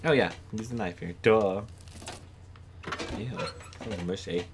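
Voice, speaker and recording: Playing a horror game, the man keeps giggling and getting jumpy, addressing the screen in casual commentary captured in a noisy home recording. Here his voice sits on the low side and his pace is slow.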